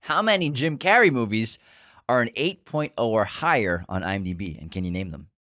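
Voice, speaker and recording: A man's voice: on the low side, animated, brisk, bright, forceful tone, no room sound, studio quality. A man co-hosting a podcast, a playful quizmaster who laughs often in casual chat. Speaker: podcast co-host.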